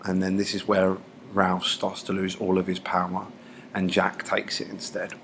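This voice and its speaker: A male teacher explains a novel to his class in a relaxed, casual way, his low voice gravelly with fry. A faint hum of room noise sits under the lesson. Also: normal speed. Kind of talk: classroom lecture.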